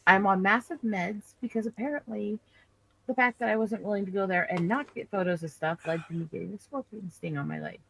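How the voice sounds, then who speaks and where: A woman hosting a live stream, telling a story in an indignant, animated way. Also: mid-range voice, brisk, vocal fry, rough recording. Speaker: livestream host. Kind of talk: casual chat.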